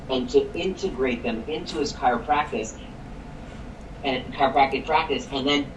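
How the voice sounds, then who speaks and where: A man, a chiropractic coach and guest, telling a story on a live call in an energetic way, quoting people as he goes. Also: medium pitch, slight background noise, low-quality recording. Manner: energetic, quotes people in the story, repeats words when excited.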